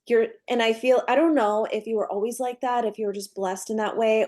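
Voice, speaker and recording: A woman hosting a casual chat and warmly praising her guest. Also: medium pitch. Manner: warm, gushing praise. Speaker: host.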